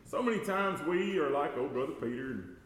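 A man preaching a sermon, folksy and talking to the congregation as y'all, growing loud and slow whenever he quotes scripture. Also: a little high, animated. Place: church sanctuary. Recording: echoey church hall with long reverb.

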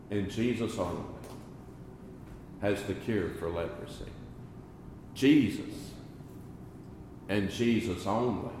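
A man preaches at a deliberate, unhurried pace, his voice swelling and dropping for emphasis. The sound is very roomy, with a long reverb tail as if he is in a large hall. A faint hum of background ambience sits underneath. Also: on the low side. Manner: slow, deliberate preaching with swells and drops in loudness. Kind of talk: sermon.

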